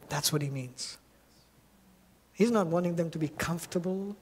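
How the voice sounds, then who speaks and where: A man preaching a sermon as a pastor, with an impassioned delivery that swings from soft, low phrases to raised lines and repeats words for emphasis. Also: normal speed, pauses often, husky.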